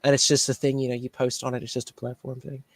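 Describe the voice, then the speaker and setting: Animated ranting man, dry close mic. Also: fast talker, dry recording. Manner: ranting, mimics others in a higher voice. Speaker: shirt shop owner. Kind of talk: casual chat.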